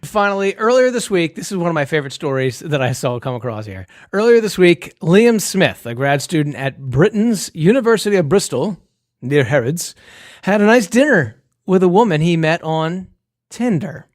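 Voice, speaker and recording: A man's voice: fairly high pitch, very animated, normal speed, dry recording, studio quality. A man co-hosting a casual podcast, reading out a funny news story in a joking way and laughing often. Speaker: podcast co-host.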